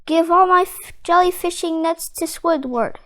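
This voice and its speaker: A reader voicing an excitable, cheerful male sea sponge cook who talks with heroic bravado. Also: very high voice, normal speed.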